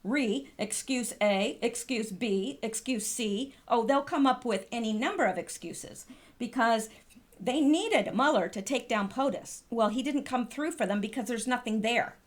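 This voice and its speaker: A woman's voice: on the high side, lively intonation, a little slow. A woman commenting on political posts in casual talk, sarcastic and full of rhetorical questions, with many fillers and asides. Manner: sarcastic, talks back to absent figures with rhetorical questions.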